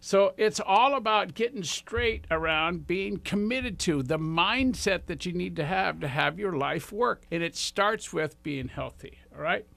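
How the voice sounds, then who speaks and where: A man's voice: sits high, lively intonation, unhurried, gravelly, hardly any pauses, fairly bright tone, no echo. A man in his sixties hosting a radio show, giving enthusiastic, rambling motivational talk straight to his listeners. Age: 60s.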